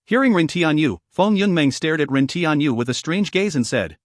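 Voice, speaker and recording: A man narrating a fantasy audiobook in a steady storytelling way, recorded on a close mic in a studio. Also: fairly high pitch, moderate pace, no room sound.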